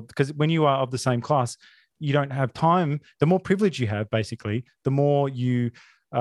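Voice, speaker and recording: A man's voice: medium pitch, darkish tone, dry recording, clean studio sound. A man who is not American, a podcast host talking about a film in an opinionated, rambling way, with many fillers. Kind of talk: casual film chat.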